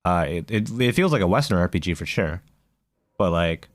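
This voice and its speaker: A deep-voiced man talks casually as a podcast co-host. He rambles, fills his pauses and restarts his sentences often. The recording is dry, with no room sound. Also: expressive, no echo. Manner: rambling, many fillers and restarts. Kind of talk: casual chat.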